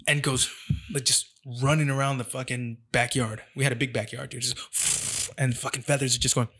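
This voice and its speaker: A man from San Jose telling a story in a casual chat, profane and animated, acting out the quotes. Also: medium pitch, normal speed, slightly rough. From San Jose, California.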